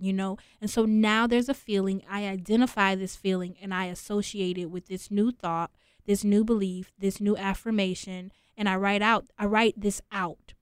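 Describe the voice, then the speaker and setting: An earnest woman guest on a talk show, explaining her practice in a casual, repetitive way and acting out little quotes. Her voice is smooth and clear. The sound is dry and close. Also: mid-range voice, fairly even intonation, normal speed, no room sound. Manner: earnest, repeats herself, acts out quotes.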